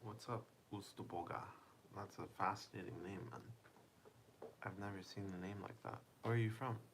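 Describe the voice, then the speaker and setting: A tired man streaming from home on his phone, talking softly and casually as he reads chat aloud and answers viewers. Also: fairly low pitch, steady tone, noisy background. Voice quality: soft-spoken, deliberately quiet. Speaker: livestreamer reading chat.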